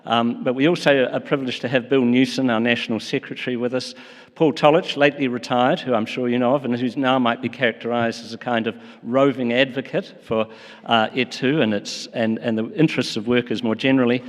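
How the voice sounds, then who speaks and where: A man addresses a union meeting, friendly and a little hesitant, with plenty of ums and uhs. His voice sits at a middle pitch and carries a long hall reverb. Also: fairly even intonation, a little fast. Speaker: union official. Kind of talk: speech at a public meeting. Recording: echoey hall.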